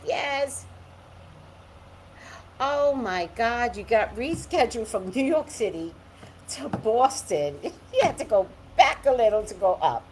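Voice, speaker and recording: A woman psychic chatting on a live stream, greeting viewers by name and giving her blunt, animated opinions. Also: a little high, normal speed, a little hiss or hum, poor audio.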